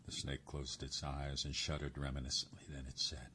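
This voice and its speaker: A man narrating a story in a measured, expressive way. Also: rumbling low, slight background noise. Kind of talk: story reading.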